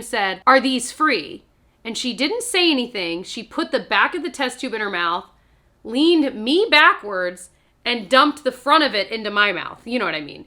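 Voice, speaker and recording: A young woman vlogger talks to the camera at home as she does her makeup. Her voice is high and bright with a forceful edge, and she tells the story with animated emphasis, dropping low for asides. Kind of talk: chatty storytelling while doing makeup.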